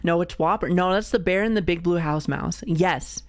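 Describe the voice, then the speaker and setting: A woman streamer chatting casually while reacting to videos, excitable, laughing often and swearing freely. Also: fairly low pitch, moderate pace.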